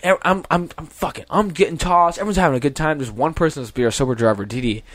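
A man's voice: fairly high pitch, fast talker, a bit bright, no room sound. A young man rambling through a profane party story in casual podcast chat, laughing and restarting often. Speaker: guest storyteller.

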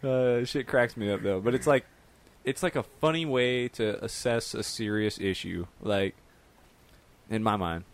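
A man's voice: fairly low pitch, unhurried. A man in casual chat with friends, rambling through his thoughts and laughing at his own jokes.

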